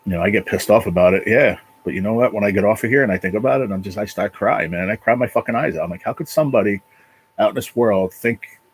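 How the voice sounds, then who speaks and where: A man hosting his own livestream from his apartment, talking casually and emotionally in a halting, repetitive way with a lot of swearing. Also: lowish voice, a little hiss or hum, low-quality recording. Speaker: livestream channel host. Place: apartment at home.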